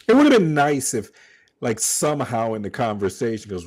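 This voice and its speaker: Male stream host; casual, animated, profane film chat. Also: mid-range voice, a little fast. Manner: animated and profane, acts out dialogue. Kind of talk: casual watch-party commentary.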